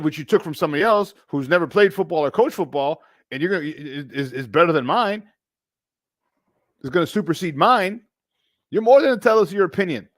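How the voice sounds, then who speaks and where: A middle-aged man hosting a live sports talk stream, animated and emphatic, repeating his points and greeting viewers by name. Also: high-pitched, dry recording, studio quality. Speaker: sports talk show host.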